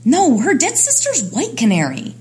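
A woman's voice: high-pitched, huge pitch swings, moderate pace, a little mellow, slight background noise. A woman playing a bubbly teasing young sorceress. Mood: excited. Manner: chirpy, swooping, playful. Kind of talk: fan audio drama reading.

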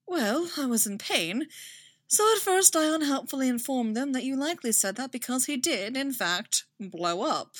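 A woman's voice: sits high, animated, normal speed, dry recording, pitched above the performer's own voice. A woman voicing a wounded, sardonic male mentor with a wry, dry delivery in an audiobook reading.

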